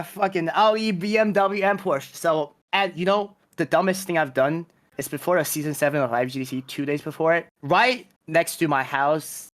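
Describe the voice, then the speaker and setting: A man's voice: on the high side, fairly bright tone. Rambling man on a casual podcast. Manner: rambling, self-correcting, laughs at himself. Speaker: vtuber racing club member.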